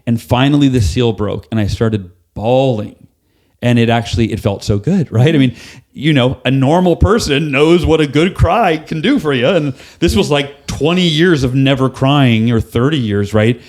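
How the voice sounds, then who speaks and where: A middle-aged man, a podcast guest, telling a candid personal story and acting out the voices of people in it. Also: normal speed. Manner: animated, acts out quoted voices with big pitch jumps.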